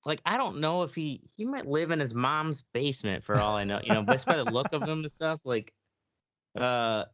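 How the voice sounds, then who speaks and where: A male podcast co-host tells a story during casual chat, rambling with lots of fillers and swearing. He speaks at normal speed with a medium pitch, lively intonation, and a slightly bright tone, in clean, echo-free studio audio.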